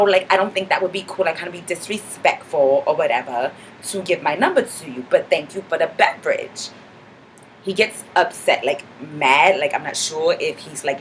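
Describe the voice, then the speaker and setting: In a character comedy vlog, a woman plays a sassy, self-assured young clubgoer who chatters mock-indignantly and stuffs every sentence with "like." Her voice is fairly low and a bit bright, with a little hiss or hum.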